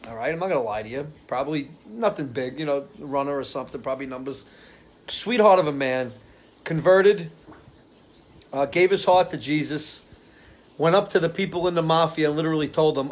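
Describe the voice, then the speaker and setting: A man hosting a casual live stream outdoors on his porch, chatting to viewers. He rambles from story to story and loses his place now and then. His voice sits a little high. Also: brisk. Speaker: live-stream show host. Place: outdoors on a porch under a ceiling fan.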